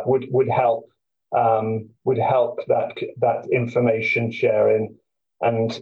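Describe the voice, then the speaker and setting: A man leading a discussion, summarising points in a halting way with many restarts. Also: mid-range voice, lo-fi sound. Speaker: facilitator.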